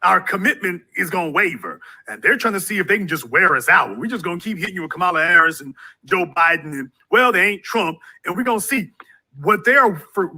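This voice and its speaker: A man hosting a call-in talk show, with a forceful, repetitive, preaching delivery. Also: high-pitched, animated, fairly quick.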